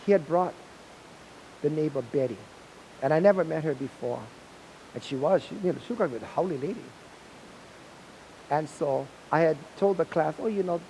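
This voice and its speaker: A man's voice: a little high, vocal fry, warm tone, a little hiss or hum, rough recording. A Hawaiian man who teaches hula, telling a story in an interview and acting out the remembered dialogue with animation.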